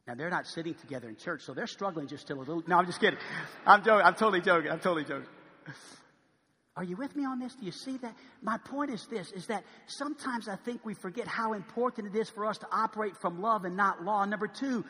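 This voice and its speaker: Middle-aged pastor guy preaching, high bright voice, goes from quiet asides to loud emphatic, asks amen a lot. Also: fast, long reverb tail. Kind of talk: sermon.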